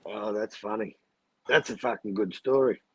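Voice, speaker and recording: A man's voice: fairly low pitch, normal speed, fairly bright tone, breathy edge, no room sound. A man co-hosting a casual podcast, amused and chuckling as he listens.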